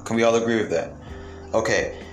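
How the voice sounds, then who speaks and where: A man's voice: fairly low pitch, a little fast. Heated man ranting in a roomy space. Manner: heated, profane, full of rhetorical questions. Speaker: commentator. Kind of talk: ranting monologue to viewers. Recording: roomy echo, faint music behind.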